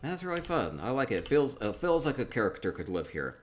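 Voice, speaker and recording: A man chatting casually through a tour of a game, upbeat and quick to repeat himself, with soft laughs between remarks. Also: medium pitch, very animated, faint music behind. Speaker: gaming streamer touring player-built homes. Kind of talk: casual gameplay commentary.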